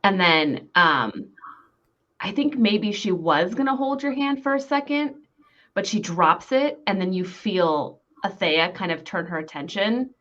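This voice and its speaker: A woman's voice: mid-range voice, expressive, measured pace, fairly bright tone. A woman playing a tabletop game, chatting casually and reacting with enthusiasm. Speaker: player. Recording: dull lo-fi sound.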